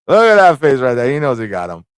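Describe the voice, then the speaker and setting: Excitable, slangy male stream host. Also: mid-range voice, fast talker, clean tone, no room sound, studio quality. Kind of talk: live comic review stream.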